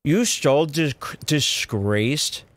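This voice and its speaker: A man's voice: fairly high pitch, expressive, takes it slowly, dry recording. A man hosting a podcast, giving sarcastic, mocking commentary on comedy clips. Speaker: podcast host reviewing clips. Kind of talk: casual commentary.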